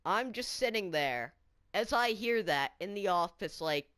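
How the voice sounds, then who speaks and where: A woman's voice: medium pitch, expressive, measured pace, fairly bright tone, dry recording, clean studio sound. A woman telling a story-time vlog in an indignant, incredulous rant, swearing often. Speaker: student vlogger.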